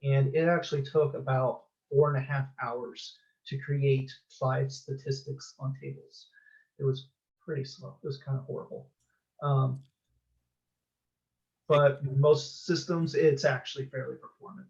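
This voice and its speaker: A man presenting a technical talk at a user group meeting, talking in a halting way with many filler sounds. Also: mid-range voice, flat delivery, darkish tone, muffled recording.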